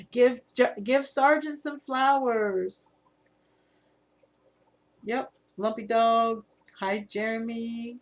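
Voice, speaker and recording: A woman in her fifties with a Southern US accent, casually chatting on a live stream and reading viewer comments aloud. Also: mid-range voice. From Virginia, USA. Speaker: livestream host.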